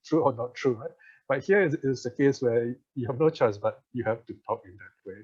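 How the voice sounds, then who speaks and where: A man lecturing a meditation class in a conversational way, often asking "right?" and laughing softly as he explains. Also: mid-range voice, no room sound, muffled recording. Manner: conversational, checks in with "right?" and "okay?"; repeats words, chuckles while explaining. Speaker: meditation teacher.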